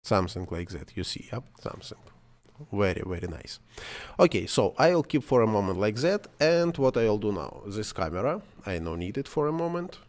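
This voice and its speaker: A man whose first language is not English, talking through a screen-recorded 3D software tutorial in halting English, thinking aloud and correcting himself as he goes. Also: on the low side, very animated.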